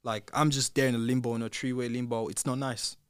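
Fast-talking young British man retelling drama. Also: medium pitch, clear, resonant tone, no room sound, studio quality. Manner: animated retelling, acts out quoted dialogue, rising loud when heated. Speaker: podcast guest, former reality show contestant. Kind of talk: casual storytelling chat.

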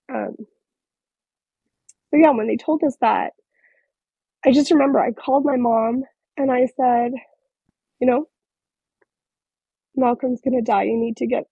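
Woman in her 30s, very husky breathy voice, mellow, halting and hesitant, slightly muffled recording. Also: sits high, fairly even intonation, dry recording. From Northern Ontario, Canada. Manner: halting, hesitant, many fillers. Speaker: guest. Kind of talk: personal storytelling in an interview.

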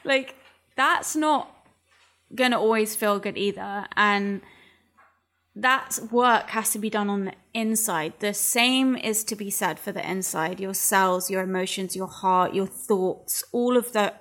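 A woman's voice: medium pitch, unhurried, a bit bright. A woman talking candidly in a casual chat, emotional and rambling, swearing freely as she opens up.

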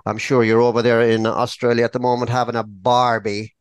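A man co-hosting a podcast in casual chat, laughing often and telling jokes with animated delivery. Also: medium pitch, a little fast, clean tone, no room sound. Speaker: podcast co-host.

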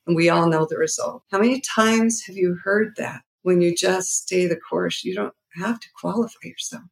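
Woman, middle-aged, heartfelt, emotional, rambling, echoey room. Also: mid-range voice. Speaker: guest, nonprofit founder. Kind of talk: interview conversation.

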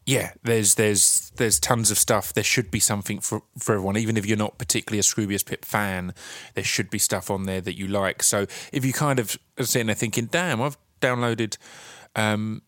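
A man's voice: fairly low pitch, fairly even intonation, brisk, a bit bright, no echo, studio quality. A man with an Essex accent hosting his podcast, talking in a chatty, rambling way with many fillers and restarts. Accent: Essex English. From Essex, England. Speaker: podcast host. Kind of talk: casual solo podcast intro.

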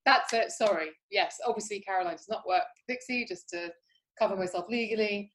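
A woman hosting a casual online chat, briskly relaying viewers' questions. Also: mid-range voice, a bit bright. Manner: brisk, reads the chat aloud. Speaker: host.

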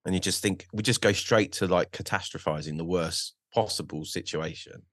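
A man's voice: sits low, normal speed, fairly bright tone, no room sound, clean studio sound. A man talking as a podcast guest in a casual chat, hesitant, with many restarts and frequent swearing.

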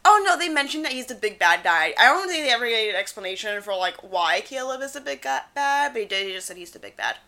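A woman co-hosts a loose, chatty podcast recap with a bright, clear voice that sits a little high. She laughs easily, swears freely and slips into playful voices to act out what others said. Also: big pitch swings, quick pace, hardly any pauses. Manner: laughs often, acts out quotes with profanity. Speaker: podcast co-host. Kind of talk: casual recap chat.

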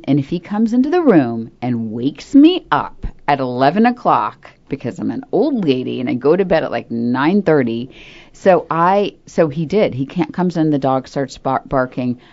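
A woman's voice: low-pitched, very animated, normal speed, a little mellow, highs cut off. A middle-aged woman co-hosting a casual chat, telling candid, self-mocking stories about herself. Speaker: podcast co-host.

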